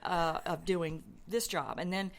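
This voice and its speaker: A woman in her sixties, a radio show guest telling animated stories about her career and acting out the people she quotes. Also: on the low side, unhurried. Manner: animated storyteller, acts out quoted voices, laughs easily. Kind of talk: casual storytelling interview.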